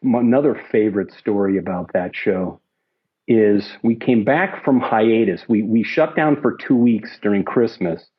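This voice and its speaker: A man's voice: on the low side, unhurried, husky. An older man from the United States, a guest in an interview, telling rambling anecdotes with frequent restarts. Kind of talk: casual storytelling. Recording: slightly dull lo-fi recording.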